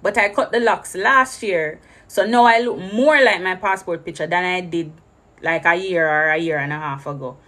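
A woman's voice: lowish voice, normal speed, a bit bright. A young woman with a Jamaican accent telling a travel story, switching between English and patois and acting out every exchange. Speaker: travel vlogger. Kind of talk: animated storytelling.

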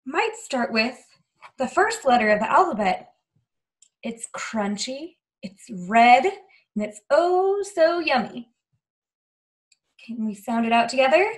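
A woman librarian reading a picture book aloud to young children in an animated, sing-song way, coaxing them to join in. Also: sits high, slow pace, long pauses. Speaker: children's librarian hosting story time.

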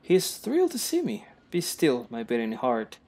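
A man's voice: medium pitch, wildly swooping pitch, moderate pace, a little mellow, husky, exaggerated voice. A man voicing an anxious, lovestruck young man in a 1920s hotel, in a posh, nervous voice. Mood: dreamy. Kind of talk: posh put-on voice.

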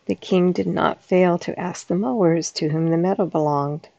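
A woman storyteller reading a classic fairy tale aloud in a soft-spoken, unhurried way. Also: fairly low pitch, steady tone, vocal fry, no echo, dull audio.

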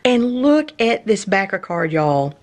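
An excitable woman hosts a collectible-pin unboxing video, exclaiming over each item. Her pitch leaps and swoops all over the place. She takes her time, with a slow, unhurried pace between the outbursts. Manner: gushing and excited, exclaiming often. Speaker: channel host.

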